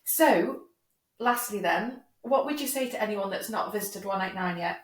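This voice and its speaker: A woman's voice: medium pitch, normal speed. Woman interviewer, reflective and encouraging, heard from a distance in an echoey room. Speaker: podcast host. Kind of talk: casual interview chat. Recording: roomy sound from a distant mic.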